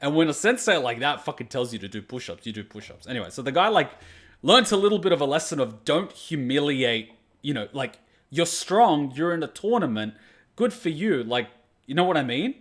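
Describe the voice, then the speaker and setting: A man, casually telling a story in an animated way, swearing freely and dropping lots of fillers. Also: on the high side, brisk. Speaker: reaction channel host.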